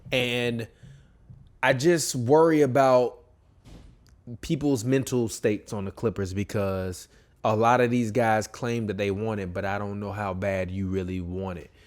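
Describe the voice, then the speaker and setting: A man with a lowish voice talks through sports in a loose, animated way. He trails off and corrects himself as he goes. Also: unhurried. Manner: animated, rambling, frequent self-corrections. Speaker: podcast co-host. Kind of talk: casual sports talk.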